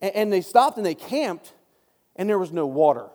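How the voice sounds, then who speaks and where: Man, casual Bible study, mellow tone, self-interrupting, long echoing reverb. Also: high voice, very animated, moderate pace. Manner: chatty, self-interrupting, joking asides. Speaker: Bible teacher.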